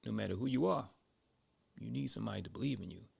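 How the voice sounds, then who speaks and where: A man tells a story casually, in a loose, conversational way full of asides. His voice is low, gravelly and husky. It sounds close and dry. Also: quick pace, darkish tone.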